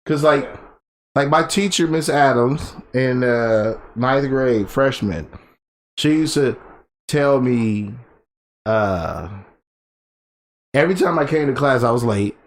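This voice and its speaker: Rambling, animated male podcast co-host. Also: medium pitch, slow, pauses often. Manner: rambling, animated, laughs often. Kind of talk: casual storytelling chat. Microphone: desk microphone.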